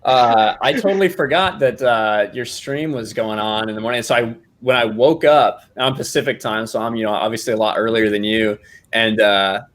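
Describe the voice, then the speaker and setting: A man's voice: lowish voice, normal speed, fairly bright tone. A man co-hosting a casual chat over a video call, dropping dry, teasing quips.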